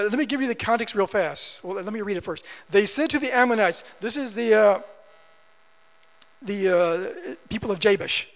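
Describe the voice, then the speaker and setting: A man preaches a sermon from the pulpit, his voice sitting high for a man. He drives points home by repeating phrases loudly, then drops into hushed, conversational asides. Long reverb from the hall trails behind his words. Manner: swings from loud emphatic preaching to quiet, low asides, with repetition. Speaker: pastor.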